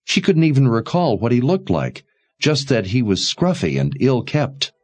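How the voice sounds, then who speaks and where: A man narrating a story in a dramatic, expressive way. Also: mid-range voice, normal speed, dry recording. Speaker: audiobook narrator. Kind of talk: scripted narration.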